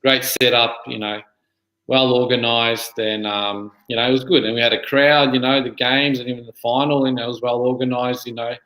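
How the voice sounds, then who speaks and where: An Australian man in his thirties chats as a guest on a podcast, rambling along with plenty of filler words. His voice is bright and forward, and it rings in an echoey room. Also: mid-range voice, flat delivery, normal speed. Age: 30s. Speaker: guest player and junior coach. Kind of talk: casual interview chat.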